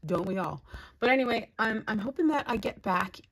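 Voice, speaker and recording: A woman's voice: on the high side, expressive, a little fast, a bit bright, husky, low-quality recording. A woman craft vlogger chatting casually at home in her craft room, rambling and gushing as she unboxes gifts.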